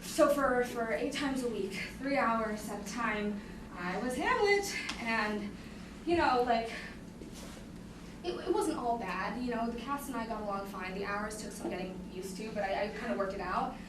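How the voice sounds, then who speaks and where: A woman's voice: on the high side, moderate pace, noisy background. A young woman in her twenties performing a self-deprecating comic monologue on stage, rambling and laughing often. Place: theater stage with audience. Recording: echoey theater, mic far off.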